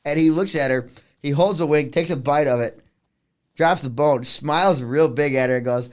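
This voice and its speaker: Twenty-something podcast cohost guy, kinda higher voice, animated, laughs a lot telling the story. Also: moderate pace. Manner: animated retelling, laughs often. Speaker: podcast co-host. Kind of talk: casual podcast chat.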